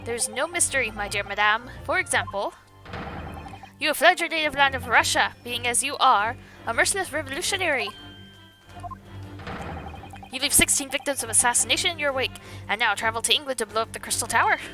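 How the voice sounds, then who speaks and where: A woman doing a pompous, showy male detective, high-pitched, grand declarations over game music. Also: expressive, fairly quick. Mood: grandiose. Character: eccentric pompous tall European male detective. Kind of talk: reading game dialogue aloud.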